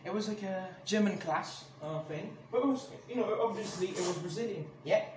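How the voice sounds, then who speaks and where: High-voiced man ranting angrily on a podcast. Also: normal speed. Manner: angry, swears a lot, many restarts. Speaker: podcast host. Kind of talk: casual ranting monologue. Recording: echoey room with clear background noise.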